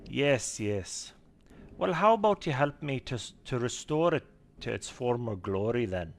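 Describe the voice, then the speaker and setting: A man's voice: mid-range voice, big pitch swings, a little slow, pitched above the performer's own voice. A man voicing a fussy female gnome owl keeper in a put-on Scottish accent that slips into Irish. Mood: fussing. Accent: put-on Scottish with Irish mixed in.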